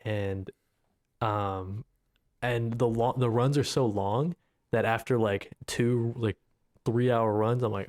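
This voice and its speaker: A man's voice: medium pitch, steady tone, slow pace, a little mellow. Rambling male co-host in casual chat. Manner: rambling, heavy with fillers like "you know what I mean", casual swearing. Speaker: podcast co-host.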